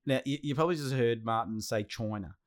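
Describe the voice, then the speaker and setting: A man's voice: mid-range voice, brisk. An Australian man hosting a casual podcast interview, enthusiastic and slangy, often repeating himself. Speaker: podcast host.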